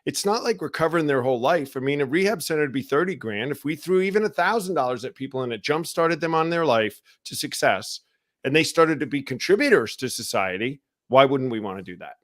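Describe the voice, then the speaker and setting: A man's voice: a little high, expressive, fairly quick, a bit bright. A man hosting a live online recovery show, talking casually and greeting viewers by name. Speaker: show host. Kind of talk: casual live-stream talk.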